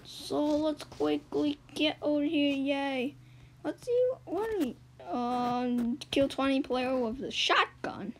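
A woman giving let's-play game commentary as a YouTuber, swinging between loud excited yelps and low muttered asides. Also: slow pace, slight background noise, rough recording. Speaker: gaming YouTuber.

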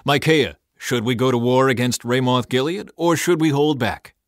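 A man's voice: medium pitch, moderate pace, dry recording, studio quality, lightly acted. A man reading as an angry, impatient king. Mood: irritated.

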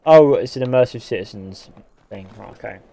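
While gaming live, a man from England reads out viewer comments and chats bluntly, swearing freely, in an accent mixing Northern, West Country and Midlands. His mid-range voice is expressive, brisk and warm, with vocal fry.

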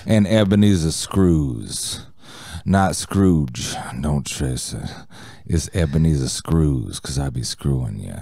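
Brief: a man as a raunchy late-night radio DJ, very deep and gravelly, swaggering jive. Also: expressive, takes it slowly, no room sound, studio quality, full character voice. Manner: loud, swaggering, vulgar jive banter. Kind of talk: improvised parody radio show.

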